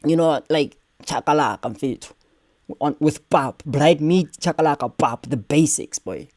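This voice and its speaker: A young man with a mellow, relaxed voice. He hosts a casual reaction stream, swearing freely and joking as he answers the clips. The sound is dry and close. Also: fairly high pitch, normal speed, no room sound. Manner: profane, joking, talks back at clips.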